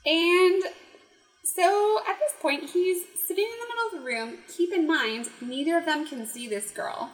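Giggly, animated podcast co-host, woman, high voice in an echoey room. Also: moderate pace. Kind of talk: casual chat.

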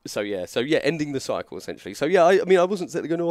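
A man's voice: on the high side, very animated, racing, darkish tone, no room sound, studio quality. A man, telling a wrestling story on a podcast in a rambling, self-mocking way. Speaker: podcast co-host, former wrestler. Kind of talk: casual storytelling chat.

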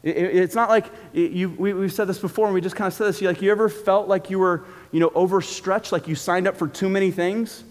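A man's voice: high voice, steady tone, fast, few pauses. A man preaching a sermon in a church auditorium, in a casual, joking, conversational way. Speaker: pastor. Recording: long reverb from a large hall.

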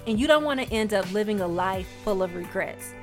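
A woman's voice: mid-range voice, lively intonation, a little fast, soft background music. A woman giving a sassy, emphatic motivational pep talk as a podcast host. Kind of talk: motivational monologue.

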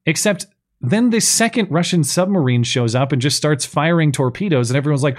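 A man's voice: fairly high pitch, a little fast. A man hosting a podcast, chatting casually and sarcastically as he picks apart a film. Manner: chatty, sarcastic, animated complaining. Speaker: podcast host. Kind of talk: casual chat reviewing a film.

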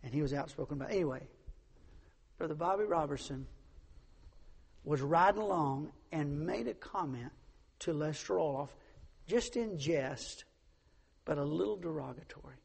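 Preacher guy, kinda husky, repeats himself for emphasis, echoey church hall. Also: fairly high pitch, moderate pace, pauses often. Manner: emphatic, repeats phrases, acts out quoted voices. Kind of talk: sermon with personal stories.

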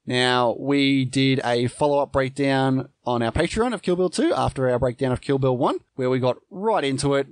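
A man co-hosting a podcast in a relaxed, playful chat. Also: mid-range voice, normal speed, few pauses, no room sound, clean studio sound. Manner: relaxed, playful, laughs often. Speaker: podcast co-host. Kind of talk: casual chat.

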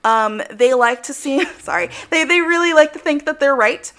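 A woman co-hosting a casual podcast chat, with a light, bright voice and a giggly, self-deprecating way of talking. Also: high-pitched, expressive, normal speed. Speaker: podcast co-host.

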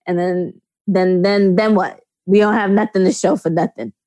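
A woman, co-hosting a casual chat, slow and emphatic and quick to laugh. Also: medium pitch, steady tone, warm tone.

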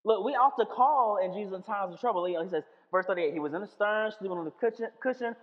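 A man preaching a sermon in a conversational, playful way, swinging between loud and hushed. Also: high-pitched, quick pace, long reverb tail, highs cut off.

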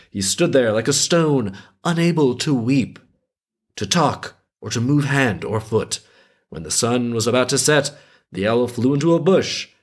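A man hosting a podcast, reading a folk tale aloud and breaking off for sarcastic, profane, exasperated commentary. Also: fairly low pitch. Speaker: podcast host.

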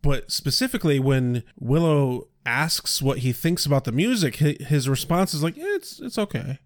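A male podcast co-host with a medium-pitched voice talks at normal speed in a casual chat, recorded dry and at studio quality. He goes on profane, exasperated rants and acts out quoted voices with animation.

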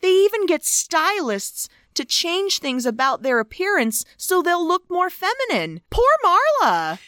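A woman's voice: very high-pitched, big pitch swings, measured pace, fairly bright tone, no room sound, studio quality. A woman co-hosting a podcast about films, talking in a passionate, indignant way. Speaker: podcast co-host. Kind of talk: casual film-review chat.

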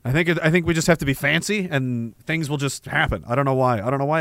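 A man's voice: on the high side, expressive, quick pace, fairly bright tone, no room sound, clean studio sound. A man hosting a livestream, reading viewer messages in a profane, rambling way and laughing often. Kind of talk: casual livestream chat.

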